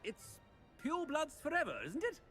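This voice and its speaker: A man's voice: extremely high pitch, sing-song, normal speed, a bit bright, soft background music, exaggerated voice. An actor playing a young wizard posing as a haughty headmaster in a video game, blustering to cover his slips.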